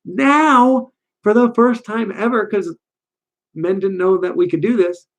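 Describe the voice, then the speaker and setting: A man giving a casual, energetic coaching talk straight to camera, often acting out quick quoted voices. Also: high voice. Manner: energetic, conversational, acts out little quoted voices. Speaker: dating coach.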